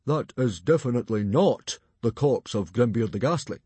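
A man voicing a blustering male Viking chief who talks in a loud, hearty manner. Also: mid-range voice, expressive, normal speed, husky, no echo.

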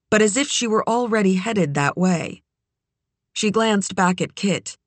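A woman narrating a novel in a measured, even storytelling manner. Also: deep voice, dry recording. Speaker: audiobook narrator. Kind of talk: scripted narration.

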